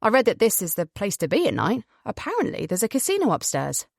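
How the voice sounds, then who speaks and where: Joking young man on vacation, playful and lively, read by a woman. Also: mid-range voice, fast, creaky, no room sound, studio quality, full character voice.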